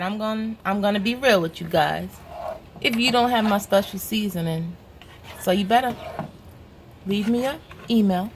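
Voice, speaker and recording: A woman's voice: medium pitch, slight background noise. Chatty woman hosting a cooking vlog. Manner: chatty, direct, playfully bossy asides. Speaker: cooking show host.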